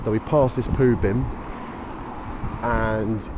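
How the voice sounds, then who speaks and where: A man's voice: lowish voice, steady tone, slow. A man rambling casually to an action camera while walking his dog outdoors, stopping to call out commands. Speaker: dog walker vlogger. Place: outdoors on streets and fields at dusk. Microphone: action camera mic. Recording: outdoor action camera with clear traffic noise. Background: traffic and street noise.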